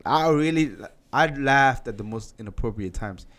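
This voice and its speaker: A man's voice: medium pitch, moderate pace, a bit bright. A man hosting a casual podcast interview, laid-back and encouraging, laughing easily. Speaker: podcast host.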